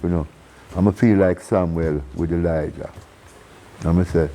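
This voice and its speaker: A man with a Jamaican accent spins stories in a relaxed interview, his voice sitting low and warm. He is animated and theatrical, slipping into the voices of the people he describes and breaking into laughter. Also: moderate pace, low-quality recording. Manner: animated storyteller who acts out quoted voices and laughs often. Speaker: reggae singer being interviewed. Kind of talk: casual storytelling in an interview.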